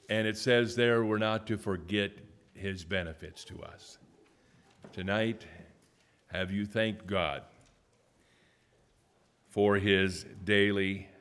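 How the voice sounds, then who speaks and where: A man with a fairly low voice preaches to a church. He speaks haltingly, with fillers and restarts, then reads scripture one loud, stressed phrase at a time. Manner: emphatic, rising to loud stressed phrases when reading scripture. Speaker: guest preacher. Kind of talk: sermon with call-and-response reading.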